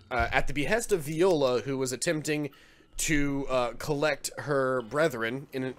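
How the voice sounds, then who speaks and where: Male dungeon master, mid-pitched, jokey, laughs a lot while recapping. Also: a bit bright. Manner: joking, laughs often. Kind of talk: running a tabletop game session.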